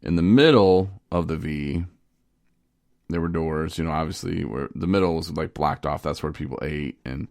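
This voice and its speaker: Podcast host, male, deep and gravelly, rambling casual storyteller, dry close mic. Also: no echo. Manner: rambling, animated, laughs often.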